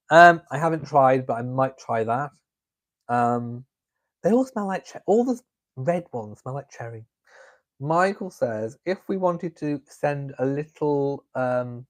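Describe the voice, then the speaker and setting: Chatty playful man on a live stream. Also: fairly high pitch. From England. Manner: chatty, camp, playful asides. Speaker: vlog host reading live chat. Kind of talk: casual live-stream chat. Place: home, drinking coffee.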